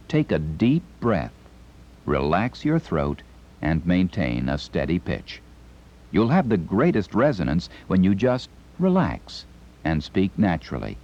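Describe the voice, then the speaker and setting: A middle-aged man giving scripted instructional narration, with a crisp, carefully enunciated announcer delivery. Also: low-pitched, darkish tone. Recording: dull lo-fi 1970s tape recording.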